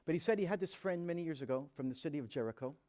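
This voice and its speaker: A man's voice: on the high side, lively intonation, rapid-fire, darkish tone. A man, a rabbi, telling a personal story to an audience in an earnest, dramatic way, acting out the dialogue he quotes. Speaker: rabbi giving a talk.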